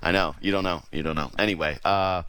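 A man co-hosting casual sports talk, animated and quick to laugh. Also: deep voice, smooth. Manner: animated, laughs often, slips into joke voices. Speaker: sports radio co-host.

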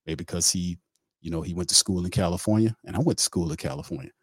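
Deep-voiced playful sports show host man. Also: quick pace, husky, no echo, clean studio sound. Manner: rambling storyteller, playful, slangy. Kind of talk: casual comedic sports talk.

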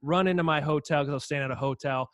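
Man telling a lively pitching story. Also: fast talker, dry recording, studio quality. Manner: animated anecdote teller, quotes others. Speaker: former pitcher, podcast co-host. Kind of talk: casual storytelling chat.

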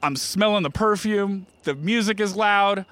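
A man's voice: sits high, a little slow, fairly bright tone, no room sound. A middle-aged man from New Jersey doing a stand-up routine on a comedy club stage, telling self-mocking stories with playful asides to the crowd. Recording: live stage mic with audible room ambience.

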